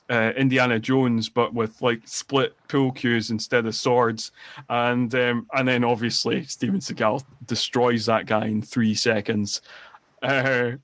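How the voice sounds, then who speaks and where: Rambling animated man on a podcast. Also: medium pitch, no room sound. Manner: rambling, animated retelling with quoted lines. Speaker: podcast co-host. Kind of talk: casual film-review chat.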